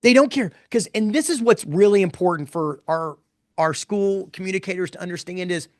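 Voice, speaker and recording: A middle-aged man presenting poll findings in a casual live talk, blunt and animated, rambling with restarts. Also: sits high, brisk, dry recording, studio quality. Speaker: pollster presenting poll results.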